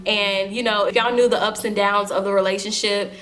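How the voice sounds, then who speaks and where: A woman's voice: mid-range voice, level tone, brisk, fairly bright tone. A young woman telling a personal story to her viewers in a casual, emphatic storytime vlog. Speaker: vlogger.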